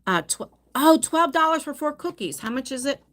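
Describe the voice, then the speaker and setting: A woman's voice: high-pitched, expressive, normal speed, a bit bright. A middle-aged woman chatting casually on a live phone stream, telling family stories with many restarts. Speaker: vlogger.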